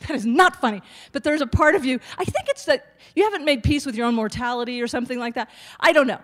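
A woman in her sixties doing stand-up, chatty and self-deprecating, with a slightly high voice. She talks straight to the crowd, wandering through her asides. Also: quick pace. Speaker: stand-up comic and nurse. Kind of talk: stand-up comedy.

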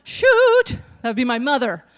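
A woman's voice: on the high side, expressive, fairly quick. Chatty woman in her sixties doing stand-up. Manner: chatty, self-deprecating, talks to the audience. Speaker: stand-up comic and nurse. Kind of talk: stand-up comedy.

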